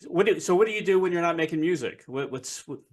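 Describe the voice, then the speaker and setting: A man's voice: on the high side, animated, fast talker, a little mellow, faint music behind. A man hosting a video call interview, asking easygoing questions and agreeing often. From Florida, USA. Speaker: interview host.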